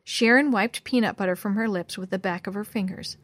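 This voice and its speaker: A woman narrating a storybook in a measured, expressive way. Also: mid-range voice, no echo. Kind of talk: storybook reading.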